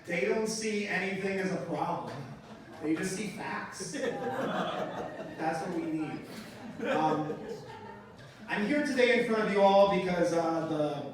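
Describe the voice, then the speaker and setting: A man with a high, bright voice performs a stand-up set on a club stage, brash, profane and mock-outraged. He sounds roomy and from a distance, with an audience laughing clearly around him. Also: lively intonation, slow pace, pauses often. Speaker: stand-up comedian. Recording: roomy live club sound, mic heard from a distance, crowd.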